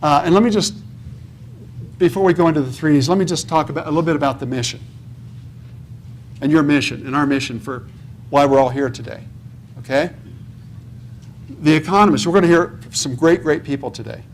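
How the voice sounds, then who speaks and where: A man with a fairly high, brisk voice delivers a motivational seminar talk in a conference hall, pausing often. Speaking at a real estate conference in a preachy style, he asks the crowd questions, supplies the answers, and keeps adding "okay?". Slight background noise is audible.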